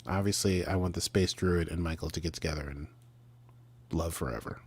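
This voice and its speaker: A man's voice: low-pitched, brisk, husky. A man co-hosting a podcast in casual chat, talking in a playful, rambling way with jokey asides. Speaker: podcast co-host.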